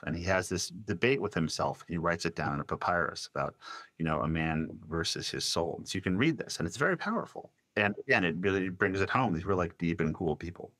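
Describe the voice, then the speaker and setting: A man telling a long story as a podcast guest, animated and quoting voices, with many restarts. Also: sits low, a little fast, no echo. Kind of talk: storytelling in a casual interview.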